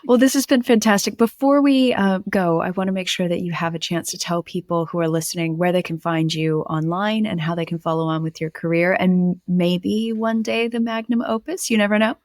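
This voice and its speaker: A woman's voice: on the low side, fairly even intonation, brisk, few pauses, a little mellow, no room sound, clean studio sound. A woman co-hosting a podcast, encouraging and chatty with her guest. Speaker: podcast co-host. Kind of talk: casual podcast chat.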